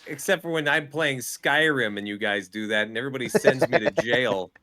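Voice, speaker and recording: A man hosting a casual stream chat, telling stories with lively acted-out reactions. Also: medium pitch, fairly quick. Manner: lively storytelling, acts out his own reactions. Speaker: streamer host.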